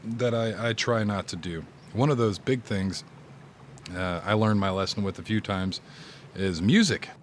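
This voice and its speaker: Low-voiced rambling male streamer. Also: a little hiss or hum. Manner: rambling, repeats words, laid-back. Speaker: gaming streamer. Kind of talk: casual advice chat.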